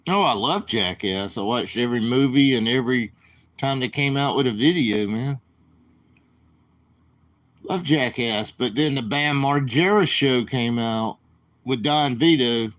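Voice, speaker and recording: A man's voice: mid-range voice, a bit bright. A man rambling and apologizing in casual chat on his live stream. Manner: rambling, apologetic, slow-talking.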